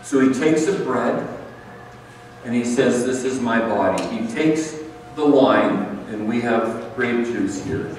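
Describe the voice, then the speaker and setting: A man's voice: mid-range voice, fairly even intonation, takes it slowly, darkish tone, slight background noise. A man preaching a communion sermon as pastor, earnest and conversational, with emphatic repetition. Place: church sanctuary. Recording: echoey hall, far from the mic.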